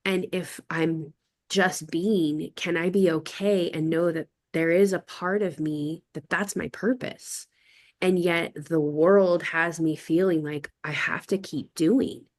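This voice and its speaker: A middle-aged woman with a slightly low voice, speaking in a relaxed group conversation. She thinks aloud in long winding sentences, often pausing to ask "right?" as she goes. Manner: reflective, speaks in long thoughtful runs, often checks in with "right?". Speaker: podcast guest. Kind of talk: casual discussion.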